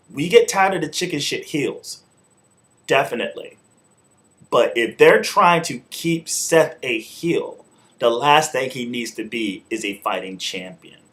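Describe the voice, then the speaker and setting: A man with a mid-range, fairly bright voice hosts his own video show, talking to camera through a camera mic. He gives a loose, informal wrestling review in casual slang, with some swearing.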